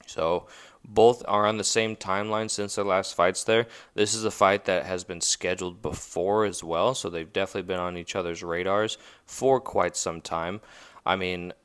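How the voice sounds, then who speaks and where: A man's voice: fairly low pitch, a bit bright, smooth. A man hosting a podcast, talking casually and rambling through a fight preview with lots of fillers and self-corrections. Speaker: podcast host.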